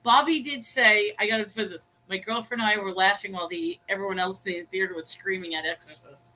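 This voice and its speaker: A woman's voice: medium pitch, fast, pushed and bright, low-quality recording. A woman co-hosting a casual chat over a video call, telling stories and laughing easily. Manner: chatty, storytelling, laughs easily. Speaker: co-host.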